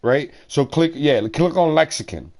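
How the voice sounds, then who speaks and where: A man's voice: on the high side, animated, a little slow, a little mellow. Slangy, rambling man streamer. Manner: slangy, rambling, swears a lot. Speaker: gaming streamer. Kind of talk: casual chat during a game stream.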